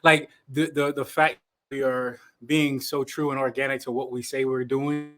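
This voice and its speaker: A man's voice: mid-range voice, little pitch movement, normal speed, fairly bright tone. A man from Chicago co-hosting a casual live stream, laid-back and slangy, often repeating himself. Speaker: co-host, league commissioner.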